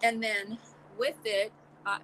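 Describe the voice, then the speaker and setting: A woman hosting a casual live morning chat, exclamatory and chatty, with a scratchy throat she keeps clearing. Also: medium pitch, steady tone, slow pace. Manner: chatty, exclamatory, frequent little laughs. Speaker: podcast host.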